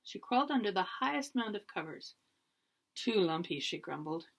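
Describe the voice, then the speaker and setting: A woman teacher reading a children's storybook aloud in an expressive way. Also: medium pitch, brisk, creaky.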